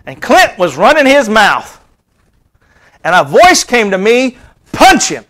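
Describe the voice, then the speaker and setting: High-voiced man preaching with animated swings. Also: a little slow. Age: 50s. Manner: animated preaching, dropping to soft asides then rising high. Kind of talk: sermon.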